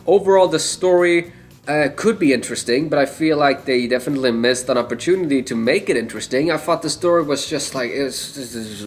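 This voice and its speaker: A young man giving a casual, rambling movie opinion, laughing often and swearing. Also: mid-range voice. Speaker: movie reviewer.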